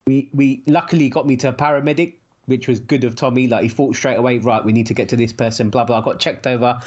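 A man talking on a casual podcast in an earnest, halting way. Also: medium pitch, fairly even intonation, darkish tone, breathy edge, lo-fi sound. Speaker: podcast co-host.

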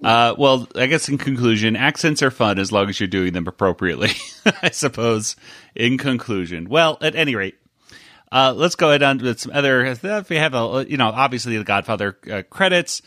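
A man's voice: mid-range voice, animated, brisk, pushed and bright, no echo, clean studio sound. A man hosting a podcast who rambles in casual chat with lots of fillers and chuckles. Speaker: podcast host.

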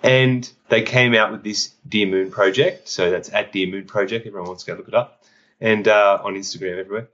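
A man with an Australian accent, a podcast host telling stories in animated casual chat, laughing often. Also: lowish voice, a little fast. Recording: dull lo-fi sound.

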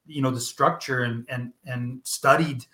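A man's voice: mid-range voice, steady tone, measured pace, sharp tone. Blunt, swearing middle-aged male guest. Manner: blunt and emphatic, swears freely. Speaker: guest, founder of a youth mental-health program. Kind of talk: candid interview talk.

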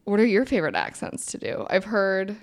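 A woman's voice: medium pitch, big pitch swings, a little fast, creaky. A woman chatting casually as a podcast guest, swearing often, laughing and trailing off mid-sentence. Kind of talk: casual chat.

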